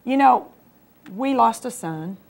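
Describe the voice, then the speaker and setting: A woman's voice: fairly high pitch, expressive, slow pace, vocal fry, darkish tone. A woman co-hosting a Christian TV program, encouraging her husband to tell his testimony. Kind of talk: faith testimony chat. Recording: local cable TV studio.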